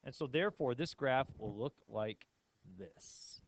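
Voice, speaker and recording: A man's voice: mid-range voice, expressive, unhurried, a little hiss or hum. A male math teacher lecturing a class in a playful way, asking his students many questions.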